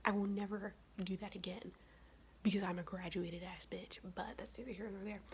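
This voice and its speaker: A woman's voice: medium pitch, fairly even intonation, a little fast, vocal fry. Young woman whispering asmr while she does her makeup, sick, swears a lot, chatty, bit of faint hiss. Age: young adult. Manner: casual, profane, chatty whispering. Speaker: ASMR vlogger. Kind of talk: whispered ASMR get-ready-with-me chat.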